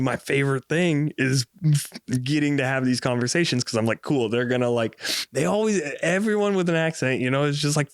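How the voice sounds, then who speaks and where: A man's voice: medium pitch, dry recording. Rambling profane young man telling a story. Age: 20s. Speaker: podcast host. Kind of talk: casual storytelling.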